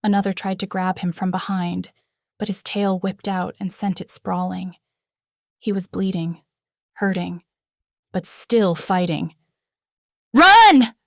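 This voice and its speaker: A woman reading a first-person fantasy novel aloud in a dramatic, expressive way. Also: on the low side, a little slow, creaky, dry recording, clean studio sound. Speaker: audiobook narrator.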